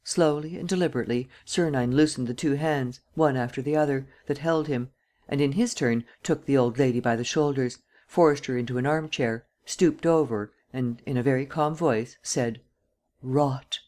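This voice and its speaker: A woman reads a classic detective novel aloud in a low, measured voice. Her narration is steady and even between the dialogue. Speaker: audiobook narrator. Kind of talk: scripted narration.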